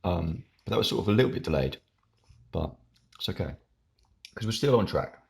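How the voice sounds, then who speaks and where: A man's voice: sits low, lively intonation, brisk, gravelly, a little mellow. A man, hosting his own channel, chatting casually in a rambling way while eating with his mouth full. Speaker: YouTube channel host.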